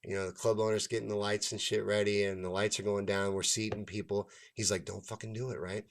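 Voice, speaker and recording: The stand-up comedian and show host speaks a little fast, his voice on the low side with a clean tone. His long story comes out as a casual, animated rant full of swearing, complete with acted-out lines from the people involved.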